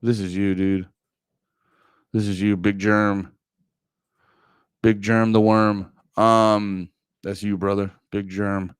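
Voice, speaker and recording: A man's voice: lowish voice, little pitch movement, takes it slowly, pauses often, smooth, no echo. A man streaming live, chatting casually with his viewers in a rambling, profane, joking way.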